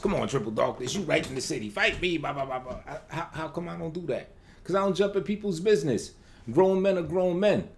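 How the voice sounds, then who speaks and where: A man hosting his channel, answering a clip in relaxed, conversational and dismissive commentary. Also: on the high side. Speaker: channel host replying to a clip. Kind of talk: casual reaction commentary.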